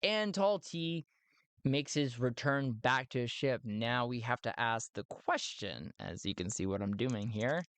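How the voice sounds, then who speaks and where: A man's voice: mid-range voice, animated, a little slow, a bit bright, no room sound. A man narrating a solo tabletop game in a playful, rambling way, with many fillers.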